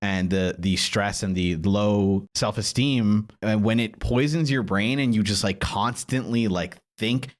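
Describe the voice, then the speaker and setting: A man co-hosting a podcast in casual chat, animated and quick to break into exaggerated quoted voices. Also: fairly low pitch. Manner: animated, swings into excited and mocking quoted voices. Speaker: podcast co-host.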